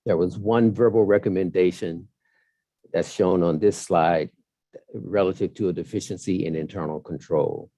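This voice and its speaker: A man, a partner at an audit firm, giving a measured, formal presentation of audit results at a council hearing over a video call. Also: deep voice, steady tone, warm tone, no echo. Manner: measured, formal, with some fillers.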